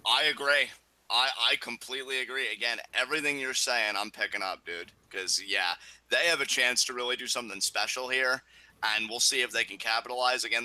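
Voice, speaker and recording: Young male co-host, bright cutting tone, casual and emphatic, swears a lot. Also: mid-range voice, no room sound, rough recording. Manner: emphatic, swears freely, animated outbursts. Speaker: podcast co-host. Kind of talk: casual wrestling review chat.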